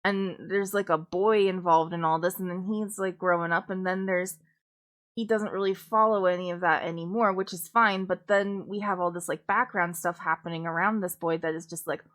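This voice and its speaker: A woman's voice: lowish voice, fairly even intonation, moderate pace, fairly bright tone. A woman streamer talking in a loose, casual way, rambling with lots of fillers, restarts and the odd swear word. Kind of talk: casual chat.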